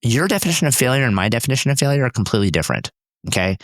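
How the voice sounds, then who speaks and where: A man's voice: mid-range voice, sing-song, racing, a bit bright, no room sound, studio quality. A man, a company founder, telling personal stories in an interview in an intense, emphatic, driven way. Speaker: startup founder and CEO, podcast guest.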